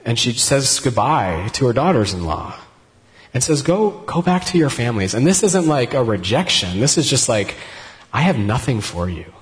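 Male Bible teacher, casual storytelling, wide swinging pitch, easy middle voice. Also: normal speed. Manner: animated storytelling, acts out characters' words.

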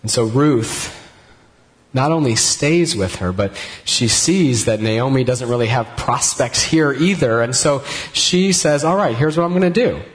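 Male Bible teacher, casual storytelling, wide swinging pitch, easy middle voice. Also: measured pace. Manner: animated storytelling, acts out characters' words.

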